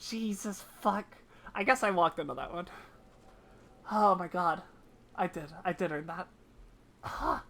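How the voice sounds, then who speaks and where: A woman's voice: lowish voice, measured pace, long pauses, fairly bright tone. A woman streaming a game live, chatting casually and playfully with her viewers and teasing herself. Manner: playful, self-mocking, talks to chat.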